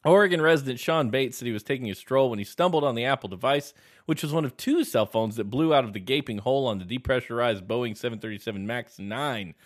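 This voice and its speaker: A man's voice: medium pitch, quick pace. A man co-hosting a casual podcast chat, laughing often and acting out quotes in raised voices. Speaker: podcast co-host.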